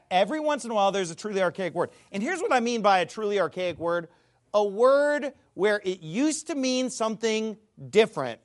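High, animated, emphatic male commentator. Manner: emphatic, scornful, repeats words, bursts into shouting. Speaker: Bible commentator. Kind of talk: animated video monologue.

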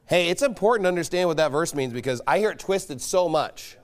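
A man preaching a sermon as pastor, emphatic and mocking, pressing his points with loud insistence. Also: on the high side, animated, brisk. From United States.

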